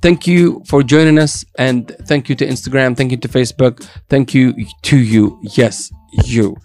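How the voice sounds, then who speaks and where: A man's voice: mid-range voice, fairly even intonation, moderate pace, darkish tone. A man hosting a casual chat show from a studio, talking in a hyped, motivational, joking way. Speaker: show host.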